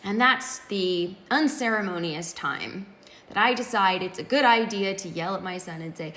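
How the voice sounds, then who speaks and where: A woman in her thirties telling a personal story in casual, expressive speech that swings between loud and hushed. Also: medium pitch, moderate pace. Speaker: podcast host and mother.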